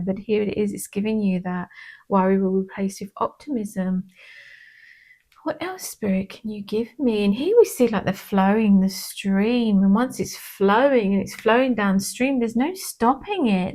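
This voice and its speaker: In a medium-pitched voice, a woman offers a relaxed tarot reading, soothing and kind, frequently pausing to ask "okay?"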